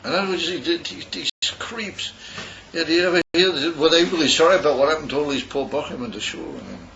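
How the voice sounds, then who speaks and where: This older man from Australia has a brisk, creaky voice on the high side, pushed and bright. At a yeshiva gathering he spins a rambling, meandering story full of repeats, restarts and Yiddish words. The audio sounds dull and noisy.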